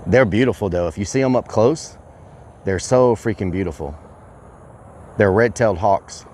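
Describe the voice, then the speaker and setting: A man's voice: lowish voice, moderate pace, slight background noise. Chatty man livestreaming outdoors. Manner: chatty, excitable, addresses viewers as y'all. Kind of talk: casual outdoor livestream chat. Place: outdoors at a rural property.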